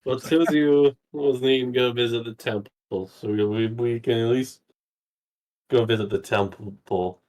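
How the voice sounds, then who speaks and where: A man's voice: mid-range voice, steady tone, unhurried, a little mellow, low-quality recording. A man playing a tabletop game, stammering a little as he explains. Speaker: player.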